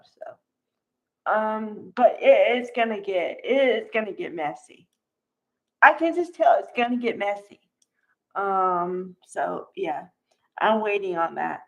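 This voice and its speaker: A woman casually recapping a soap opera for her viewers, chatty and full of fillers and asides. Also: mid-range voice. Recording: dull lo-fi recording.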